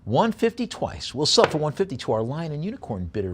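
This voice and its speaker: Brisk male auctioneer calling bids. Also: mid-range voice, sing-song, a little hiss or hum. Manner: brisk bid calling between slower item descriptions; many filler pauses when describing items.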